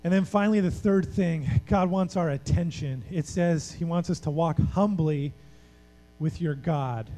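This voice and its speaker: A man's voice: fairly high pitch, a little slow, warm tone, big-room sound, rough recording. A man preaching a sermon to a congregation with earnest, repetitive emphasis, sometimes acting out quoted voices. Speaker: pastor.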